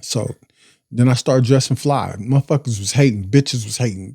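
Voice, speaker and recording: A man's voice: mid-range voice, moderate pace, gravelly, darkish tone, breathy edge, no echo, clean studio sound. Profane, laid-back man telling stories. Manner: profane, streetwise, keeps asking "you feel me?"; breaks into laughter. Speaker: vlogger telling his life story. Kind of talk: casual storytelling monologue.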